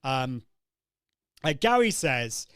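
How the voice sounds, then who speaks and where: A man's voice: mid-range voice, very animated, takes it slowly, fairly bright tone, smooth, no room sound. A man hosting a live coaching show, upbeat and demonstrative, answering viewers' comments as he teaches. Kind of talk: live-stream coaching talk.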